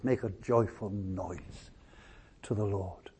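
A male pastor preaching a sermon, telling stories in a halting way with many restarts and fillers. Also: medium pitch, darkish tone, slight background noise.

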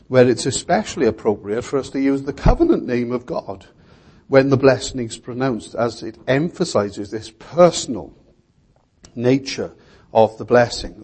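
Man, pastor, evening sermon; husky tone, measured delivery with rhetorical questions. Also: mid-range voice, a little mellow.

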